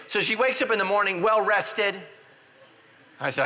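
A man preaching a humorous sermon as a pastor, telling stories and swinging from loud high exclamations to quiet confessional asides. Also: normal speed, in a large hall. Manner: animated, jumps into loud high exclamations and drops to hushed confessions.

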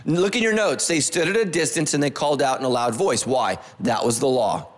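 A man's voice: mid-range voice, a little fast, in a large hall. A male pastor giving a conversational sermon, repeating phrases and asking the congregation questions. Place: church sanctuary.

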